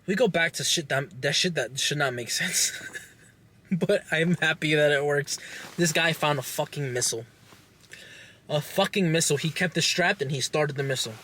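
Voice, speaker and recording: A young man casually recapping a movie plot with lots of swearing, animated and acting out lines. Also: fairly high pitch, moderate pace, slight background noise. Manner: animated, profane, acts out characters' lines. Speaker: podcast host reviewing a movie.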